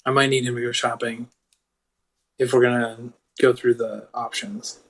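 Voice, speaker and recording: A man's voice: mid-range voice, flat delivery, normal speed, creaky, fairly bright tone. A man playing a tabletop game, casually thinking aloud about his options. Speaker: player.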